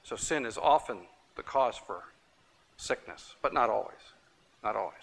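A man's voice: medium pitch, animated, moderate pace, creaky. A man teaching a Bible study class, emphatic and repeating his key points, taking questions from the room.

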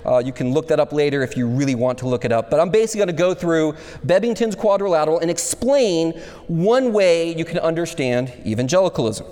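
A man with a high voice preaches in a large hall, and his words trail off in a long reverb. He tells a personal story, then moves into an easygoing, conversational teaching style. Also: fairly quick, warm tone. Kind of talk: chapel sermon.

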